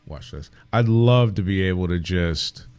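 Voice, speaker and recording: A man's voice: low voice, a little slow, darkish tone, smooth, soft background music. A man hosting a podcast in easygoing casual chat, often laughing and rambling. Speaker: podcast host.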